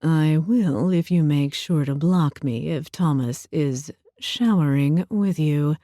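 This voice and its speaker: A playful male cat familiar voiced by a woman drawls his lines with a lazy purr. The tone is mellow and relaxed, recorded close with no room sound, as in a storybook reading. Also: low voice, no room sound. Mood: wry. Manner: slow, purring, wry.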